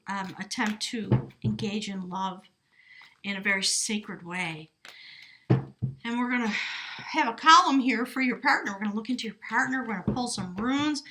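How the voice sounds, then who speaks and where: A woman's voice: on the high side, slight background noise. A middle-aged woman giving a casual, emotional tarot reading to a camera at home. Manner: warm, effusive, emotional, chatty. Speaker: tarot reader. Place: home room with a small table. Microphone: camera at a short distance.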